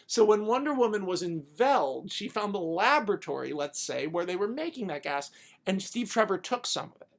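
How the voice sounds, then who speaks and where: A podcast host pitching a story idea in a comedic, rambling way, profane and animated. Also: moderate pace.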